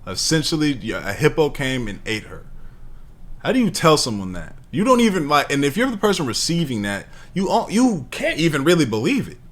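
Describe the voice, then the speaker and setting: A man's voice: a little high, sing-song, a little fast. A man giving casual reaction commentary over a video, talking in incredulous, rambling bursts and exclamations. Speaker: reaction streamer.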